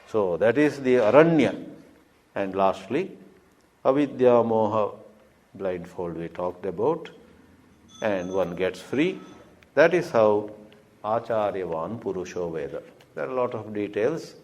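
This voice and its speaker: A man giving a spiritual lecture, telling stories in an animated way and chuckling now and then. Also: on the low side, slow, pauses often. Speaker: spiritual teacher.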